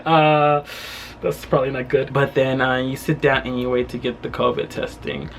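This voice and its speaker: A young man telling a travel story in a casual vlog from his home, animated and full of fillers. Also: mid-range voice, moderate pace, creaky, slight background noise. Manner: animated retelling with quoted voices, frequent fillers and laughs. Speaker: travel vlogger. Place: his home during quarantine.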